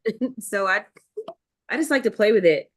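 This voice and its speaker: A woman's voice: mid-range voice, animated, moderate pace. A woman hosting a live sewing chat, talking casually and rambling with fillers and restarts. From United States East Coast. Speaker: livestream host.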